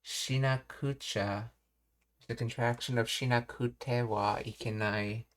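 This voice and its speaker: A man talks through grammar slowly, at an unhurried, deliberate pace. He thinks out loud, breaking off and restarting his sentences. His pitch sits in an ordinary middle range. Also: steady tone. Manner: halting, thinks aloud with many restarts. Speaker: Japanese learner walking through anime dialogue. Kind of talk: thinking-aloud study session.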